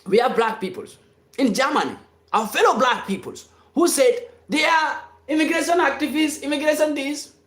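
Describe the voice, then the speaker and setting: A live-stream commentator giving an impassioned, off-the-cuff monologue to followers, insistent and repetitive, sometimes rising to shouts. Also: sits high, expressive, moderate pace, echoey room. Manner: fiery and insistent, repeating phrases, rising to shouts.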